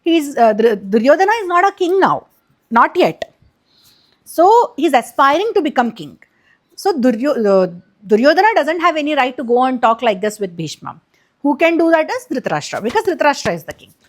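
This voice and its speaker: A woman's voice: high-pitched, very animated, normal speed. A woman casually retelling an epic for kids, chatty and explanatory, with many fillers and restarts. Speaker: storyteller, channel host.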